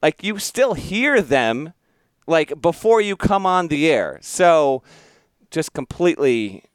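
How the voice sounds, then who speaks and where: A man co-hosting a sports podcast, telling a story about himself with self-mocking humor. His voice is smooth and resonant, with a lively, animated pitch. The sound is dry and close. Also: takes it slowly, no echo. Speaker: podcast co-host. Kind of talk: casual storytelling chat.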